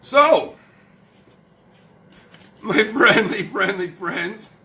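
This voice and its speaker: A foul-mouthed man chats loosely on a late-night live stream, joking and a little tipsy from beer. His voice sits high and swoops widely. He takes his time and sounds bright and forceful. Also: animated, extremely slow. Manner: rowdy, profane, joking.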